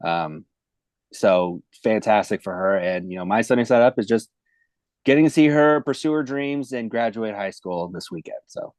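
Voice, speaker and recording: A man co-hosting a podcast in relaxed, agreeable casual chat. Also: on the low side, normal speed, no room sound. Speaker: podcast co-host.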